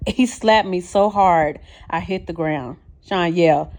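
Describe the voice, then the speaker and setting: Brief: female audiobook narrator, slightly low voice, earnest first-person memoir reading. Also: fairly even intonation, normal speed, few pauses, darkish tone.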